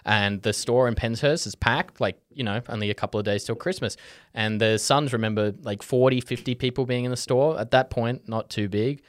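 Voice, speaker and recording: A man's voice: mid-range voice, brisk. A young Australian man telling a story in casual chat, full of fillers like "like" and "um" and frequent restarts. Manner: rambling, many fillers and restarts. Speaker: podcast co-host.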